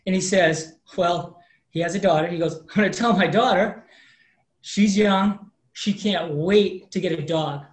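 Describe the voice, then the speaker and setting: Fifty-something guy telling a story in an interview, gets really animated doing the voices, roomy echoey sound. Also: sits high, a little slow. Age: 50s. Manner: animated storyteller acting out quoted dialogue. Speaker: mortgage professional guest. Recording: roomy echo.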